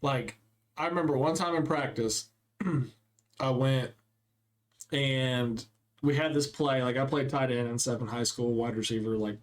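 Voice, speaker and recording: A young man co-hosting a casual podcast chat, telling stories with lively acted-out quotes. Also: mid-range voice, measured pace. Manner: animated storyteller acting out quotes. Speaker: podcast co-host.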